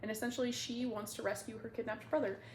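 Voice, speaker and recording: A young woman talks through her favorite books in a chatty, gushing way, with plenty of fillers. Her voice sits a little high. The room gives her an echoey sound. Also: fairly even intonation, quick pace, a little hiss or hum. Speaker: book vlogger. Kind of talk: casual book recommendation chat.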